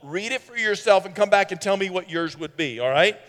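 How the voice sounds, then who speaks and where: A man preaching a sermon in an animated way, with sarcastic asides, swinging from loud to hushed. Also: high voice, a little fast, long reverb tail.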